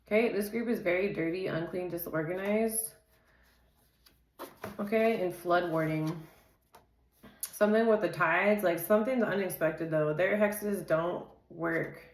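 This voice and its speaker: Casual woman tarot reader, lowish voice, word lists, chatty asides, roomy echo. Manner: rattles off card keywords in quick lists; laughs easily and chats off-topic.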